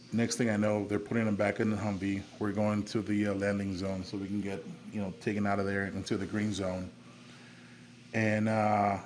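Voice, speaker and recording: A man's voice: on the low side, a little hiss or hum. A man, an army veteran guest on a podcast, telling a personal story in a candid, plainspoken way with frequent fillers.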